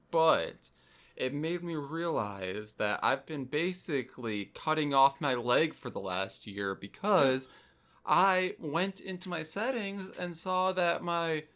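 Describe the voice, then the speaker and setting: A man's voice: on the high side, a bit bright. A man co-hosting a casual gaming podcast, rambling and poking fun at himself. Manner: rambling, self-mocking. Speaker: podcast co-host.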